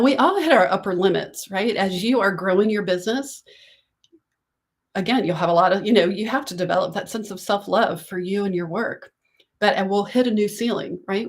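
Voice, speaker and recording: A woman business coach talking casually to camera, coaching and often checking in with "right?". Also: mid-range voice.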